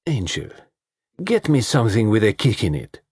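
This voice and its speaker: A man's voice: on the low side, very animated, moderate pace, a little mellow, husky, no echo, studio quality. A man voicing a languid, bored young woman with a lazy, teasing drawl.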